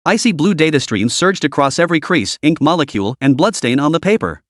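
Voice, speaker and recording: A man narrating a story in a steady, dramatic storytelling manner. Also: on the high side, fairly quick, dry recording, studio quality.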